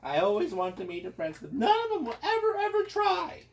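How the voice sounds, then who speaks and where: A woman's voice: on the high side, huge pitch swings, a little fast, pitched above the performer's own voice. A woman voicing a lovesick fairytale princess, gushing, in a bedtime story told at home. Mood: sweet. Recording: roomy, distant, noisy home recording.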